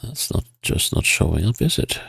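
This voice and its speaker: A man's voice: moderate pace, a bit bright, dry recording, studio quality. A man with a stuffed-up, sniffly nose giving casual gameplay commentary, thinking aloud in a hesitant way with chuckles. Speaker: video game player.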